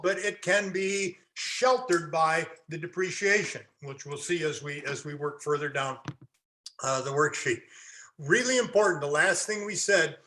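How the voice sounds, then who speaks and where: A man's voice: sits high, a bit bright. A man lecturing a classroom, quizzing his audience and answering his own questions with folksy jokes. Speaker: real estate instructor.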